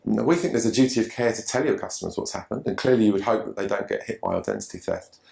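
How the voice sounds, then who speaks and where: Kiwi guy giving a talk, lowish voice, roomy echo, repeats himself a lot, relaxed and chatty. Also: fast, vocal fry. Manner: conversational, repeats words and restarts often. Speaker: presenter from an online safety group. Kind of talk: seminar talk with audience questions. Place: meeting room with live audience. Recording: echoey room.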